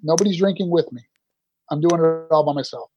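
A man's voice: a little high, a little fast, warm tone, faint music behind. A middle-aged man from Canada, a podcast guest, telling his recovery story candidly in a rambling way, restarting his sentences often.

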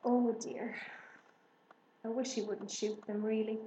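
A sensible, kindly village woman in a storybook, a woman reading the part, slow and on the high side. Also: flat delivery, dark tone, reverberant, a little hiss or hum, poor audio.

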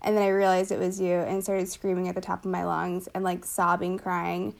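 A woman's voice: lowish voice, completely flat delivery, fairly quick, creaky. A young woman telling a personal story in casual conversation, chatty and full of fillers, laughing now and then. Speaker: older sister telling her story.

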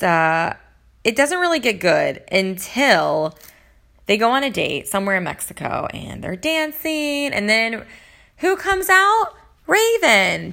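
A woman's voice: medium pitch, gravelly, bright, forceful tone. A woman in casual chat, recapping reality TV in a chatty, gossipy, rambling way, full of fillers. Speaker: reality TV commentator.

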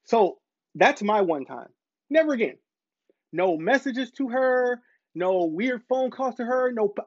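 A man's voice: sits high, no echo, highs cut off. A man telling a personal story to camera in a casual monologue, stressing points by repeating them. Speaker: parent vlogger.

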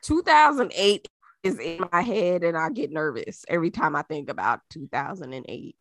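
A woman's voice: on the low side, very animated, moderate pace. A woman co-hosting a podcast in casual chat, ranting with a lot of profanity, her voice jumping way up when she gets worked up. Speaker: podcast co-host.

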